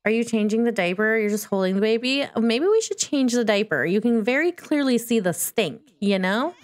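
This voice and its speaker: A woman's voice: fairly high pitch, lively intonation, moderate pace. A woman giving chatty, playful commentary while playing a life-simulation game, talking back to the characters on screen. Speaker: gaming video host. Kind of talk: casual gameplay commentary.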